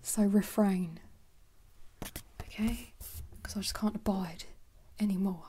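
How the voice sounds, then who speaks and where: A woman chatting in a soft, rambling way for ASMR, moving between quiet speech and whispers and making jokes. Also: medium pitch, fairly even intonation, takes it slowly, a little hiss or hum. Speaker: ASMR creator.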